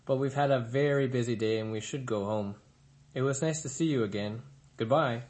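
A man voicing a calm, gentle female robot in a storybook reading, speaking in a polite, measured, friendly way. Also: medium pitch, natural voice.

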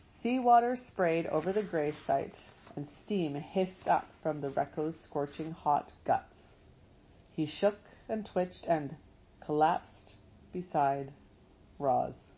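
Slow, husky-voiced woman narrator. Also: sits low, rough recording. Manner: measured, steady reading. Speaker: audiobook narrator. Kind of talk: scripted storybook narration.

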